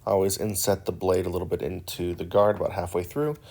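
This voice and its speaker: A man narrating a woodworking build in a relaxed, rambling voice-over, joking and poking fun at himself. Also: sits low, fast. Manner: joking and self-deprecating; relaxed and rambling with filler words. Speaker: woodworking channel host.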